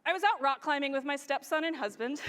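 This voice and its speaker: A woman with a high, bright-pitched voice tells stories on stage to a live audience, lively and excited. Her voice rings out with a long reverb from the large hall. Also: a little fast. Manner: enthusiastic, animated storytelling with frequent laughter. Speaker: wildlife photographer giving a stage presentation. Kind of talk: live storytelling presentation to an audience.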